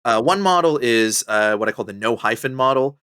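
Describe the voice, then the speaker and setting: Male author-guest, mid pitch, lively and chatty, dry close podcast mic. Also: brisk, no room sound. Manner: animated, chatty, full of fillers and pitch jumps. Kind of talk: casual conversational interview.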